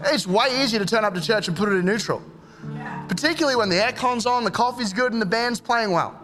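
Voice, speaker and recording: A man, preaching a sermon in a relaxed, joking way and acting out short quoted exchanges. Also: high-pitched, faint music behind. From Australia. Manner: conversational and jokey, acts out quick quoted exchanges. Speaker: pastor.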